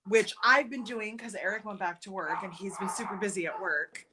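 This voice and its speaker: A woman co-hosting a casual live stream from her sewing room at home, chatty, laughing often and breaking into quick asides. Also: mid-range voice, steady tone, noisy background. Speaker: livestream co-host. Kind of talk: casual chat while sewing. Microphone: computer mic on a live stream.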